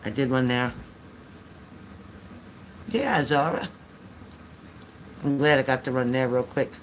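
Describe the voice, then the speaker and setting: A man's voice: medium pitch, lively intonation, slow pace, a little hiss or hum. An older man hosting a casual livestream from home, talking into a phone or webcam, chatty and repeating himself as he tells stories with frequent laughs. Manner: chatty storyteller who laughs often, repeats phrases. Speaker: livestream host.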